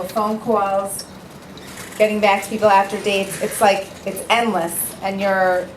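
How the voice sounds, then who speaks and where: A woman's voice: medium pitch, noisy background. A woman who works as a matchmaker, giving an earnest, emphatic speech to a live audience and telling stories with repetition for effect. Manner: emphatic, storytelling, repeats for effect. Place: event hall with a live audience. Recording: echoey hall, voice picked up from a distance.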